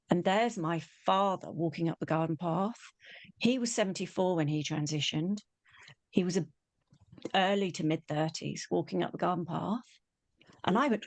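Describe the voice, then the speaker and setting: A woman, telling a personal story in an animated way and acting out the quoted voices. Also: lowish voice, moderate pace, gravelly, no room sound. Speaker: spiritual teacher.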